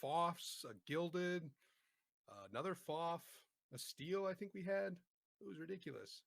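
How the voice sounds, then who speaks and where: A man's voice: a little high, measured pace, gravelly, no echo. Joking man in a dry, close recording. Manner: relaxed, joking banter. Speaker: podcast co-host. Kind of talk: casual podcast chat.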